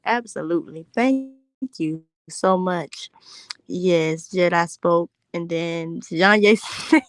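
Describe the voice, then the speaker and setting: Young woman livestreaming, low-ish voice, loud joking profane chat with her viewers, dry mic. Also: no room sound. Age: young adult. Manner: brash, profane, laughing, talks straight to chat. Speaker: livestream host. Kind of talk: casual livestream chat reading comments.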